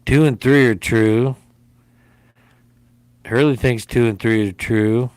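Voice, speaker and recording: A man's voice: medium pitch, steady tone, slow, darkish tone, no room sound. A man hosting a casual livestream game, rambling and jokey and often repeating himself. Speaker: livestream host.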